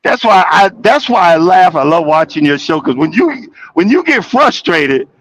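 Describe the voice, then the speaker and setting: A man's voice: high voice, very animated, moderate pace, a bit bright, low-quality recording. A man calling in from his truck cab during a casual chat, talking in stammering restarts and laughing easily. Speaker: caller.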